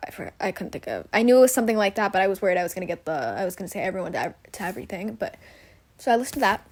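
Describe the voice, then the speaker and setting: A woman's voice: mid-range voice, darkish tone. A young woman hosting a casual solo podcast, rambling and gushing with many fillers and self-corrections, sometimes dropping to a whisper. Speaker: podcast host.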